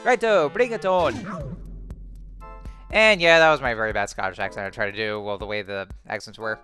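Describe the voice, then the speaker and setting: Bright-voiced young man rambling over gameplay. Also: fairly low pitch, fast, clean tone, soft background music. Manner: rambling, many fillers and restarts, excitable outbursts. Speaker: let's play host. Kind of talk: casual gameplay commentary.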